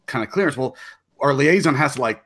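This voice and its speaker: A man in casual chat, telling a story with many restarts and pauses. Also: mid-range voice, animated, a bit bright. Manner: rambling with many restarts and fillers. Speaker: podcast co-host.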